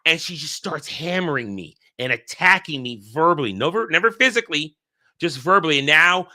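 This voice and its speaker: Bright, tense-voiced man ranting. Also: fairly high pitch, lively intonation, fairly quick. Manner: rambling, heated storytelling with frequent restarts. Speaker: channel host. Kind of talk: casual solo monologue recounting a dream.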